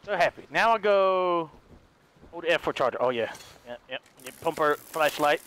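A man hosting a gaming video, giving excitable casual commentary, yelping and talking back to enemies. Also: on the high side, normal speed. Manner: excitable, yelps and talks to enemies. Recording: voice over loud game audio. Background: game sound effects.

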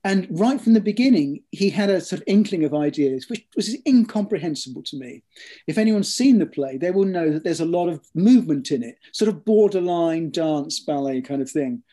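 A man, an author, answering interview questions in a measured, storytelling way, with frequent ums and repeated words. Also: on the high side, animated, warm tone. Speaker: author interviewed about his books. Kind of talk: thoughtful interview conversation.

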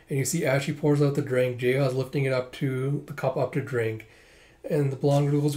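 A man's voice: mid-range voice, steady tone, brisk, a little mellow. Casual man narrating a manga readthrough. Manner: reads panels aloud, voicing characters lightly with "it's like" asides. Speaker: manga reader.

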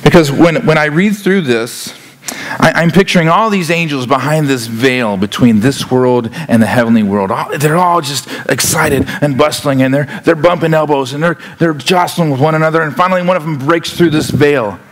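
Animated pastor with a raised voice. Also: male voice, on the high side, normal speed. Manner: animated, acts out scenes, repeats words. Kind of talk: sermon.

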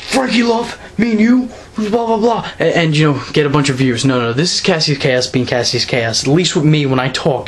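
A young man ranting straight into his camera, scornful and mocking, his pitch jumping up to stress a point. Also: a little hiss or hum. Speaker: wrestling vlogger. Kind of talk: direct-to-camera rant. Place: quiet room at night. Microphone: camera mic.

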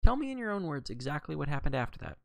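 A man reading aloud and voicing a brisk, precise middle-aged male detective questioning a witness. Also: fairly high pitch, very animated, vocal fry, no room sound, pitched above the performer's own voice. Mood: probing. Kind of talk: audiobook character reading.

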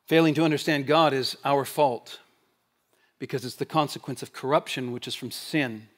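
A male pastor preaching a sermon, building through emphatic repeated rhetorical questions and dropping into low, quiet stretches to make his points. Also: fairly even intonation, normal speed. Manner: shifts between loud proclaiming and low quiet stretches.

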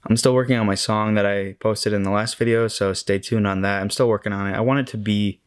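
A man's voice: lowish voice, fairly even intonation, quick pace, clean tone. A young man from Michigan, a vlogger and actor, chatting casually to camera in a self-deprecating way and laughing often. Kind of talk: casual vlog chat to camera.

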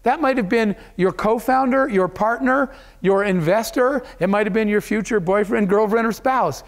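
Speaking at a moderate pace in a high register, a man delivers a motivational keynote in an event hall. His storytelling to the audience is earnest and emotional.

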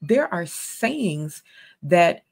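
Husky, earnest woman teaching the Bible. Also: lowish voice, sing-song, drawn-out words, darkish tone, poor audio. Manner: earnest, conversational, emphatic. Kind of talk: sermon-style Bible teaching.

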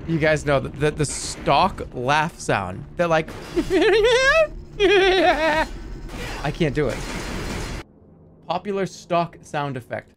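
A man's voice: fairly high pitch, sing-song, slow pace. A man streaming a video game, chatting casually with viewers in a jokey, exaggerated way. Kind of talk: casual livestream chat while gaming. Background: game music.

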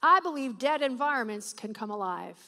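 A woman preacher giving a sermon to a gathered audience. She reads scripture aloud, puts questions to the listeners, and builds to loud, emphatic declarations. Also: fairly high pitch, expressive, normal speed. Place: church or meeting hall with an audience. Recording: long hall reverb.

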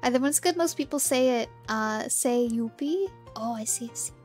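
A woman's voice: on the high side, normal speed, darkish tone, soft background music. A young woman streaming a game, chatting casually and bubbly with viewers, often giggling. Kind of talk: casual game livestream chat.

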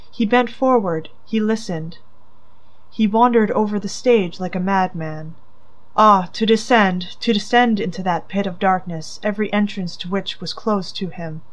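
A woman reads a classic novel aloud with an earnest, dramatic audiobook delivery. Her voice has an ordinary middle pitch and a plain, unremarkable tone. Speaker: audiobook narrator. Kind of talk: scripted narration.

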